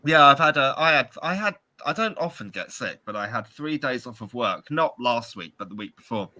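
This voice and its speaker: A man's voice: mid-range voice, animated, brisk, bright, forceful tone. A British man in his forties co-hosting a podcast, telling rambling, self-mocking stories in casual chat. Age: 40s. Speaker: podcast co-host.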